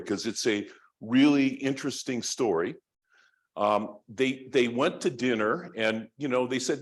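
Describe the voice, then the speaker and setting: A man giving a university lecture, telling a story in a rambling, conversational way with many restarts. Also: medium pitch.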